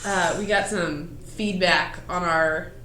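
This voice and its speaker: A woman's voice: on the low side, fairly even intonation, takes it slowly, pushed and bright, a little hiss or hum. A woman co-hosting a podcast in a studio, chatty and rambling, swearing casually. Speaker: podcast co-host. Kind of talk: casual chat. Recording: roomy studio sound.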